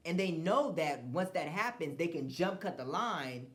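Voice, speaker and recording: A man's voice: a little high, animated, a little slow, fairly bright tone. A man from the United States hosting a solo podcast, giving blunt, profane commentary with frequent restarts. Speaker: podcast host.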